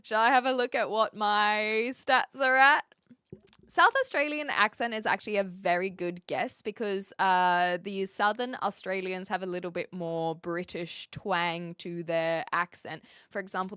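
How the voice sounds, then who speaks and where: Young adult woman, New Zealand accent, casual streamer chat, crisp and clear voice. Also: mid-range voice, steady tone, fairly bright tone, no echo, studio quality. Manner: chatty, reads chat aloud, frequent fillers and quick laughs.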